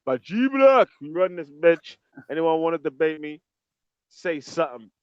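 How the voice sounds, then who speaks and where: A man's voice: a little high, very animated, normal speed. Man, boastful, playful slang, slightly dull call-in audio. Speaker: stream guest. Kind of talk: casual banter on a live stream call.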